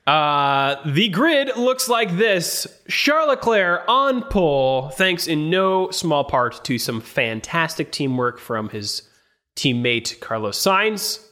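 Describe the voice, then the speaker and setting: A man co-hosting a podcast, chatting casually and reading through a list of starting positions with measured pauses. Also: a little high, big pitch swings, sharp tone. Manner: reads lists with measured pauses. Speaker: podcast co-host. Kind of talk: casual chat and reading a race grid.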